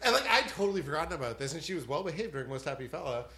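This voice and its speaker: A man's voice: on the high side, very animated, a loud crowd. A man co-hosting a podcast, joking and telling anecdotes in casual chat. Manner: quick, joking anecdote-teller. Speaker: podcast co-host.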